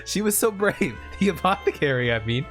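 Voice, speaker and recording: A man's voice: high-pitched, lively intonation, fairly quick, fairly bright tone, faint music behind, voice pushed up. A man voicing an earnest little girl who dreams of healing, reading game dialogue aloud in a sincere, eager way.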